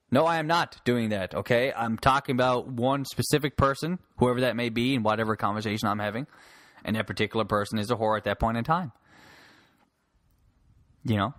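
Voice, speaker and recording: A man's voice: medium pitch, brisk, fairly bright tone, dry recording. A man from Newfoundland, a comic, rambling and swearing through a casual solo podcast. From Newfoundland, Canada. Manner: rambling, profane, joking. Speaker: podcast host and stand-up comic.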